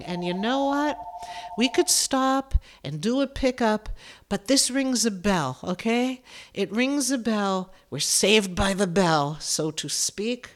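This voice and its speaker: A woman medium and author giving a gentle, soothing spiritual talk, emotional at times. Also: mid-range voice, animated, slow. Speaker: medium and author, podcast host.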